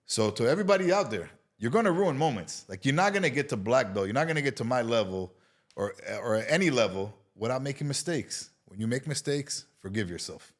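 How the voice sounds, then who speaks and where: A man's voice: mid-range voice, brisk. A middle-aged man from Israel, a guest in a casual interview, telling a story with swearing and acted-out quotes. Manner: animated, swearing storyteller who acts out quotes.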